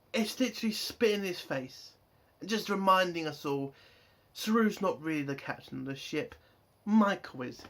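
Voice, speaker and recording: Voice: mid-range voice, fairly bright tone. A TV reviewer, ranting angrily and swearing constantly about a show. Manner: angry, profane, exasperated ranting.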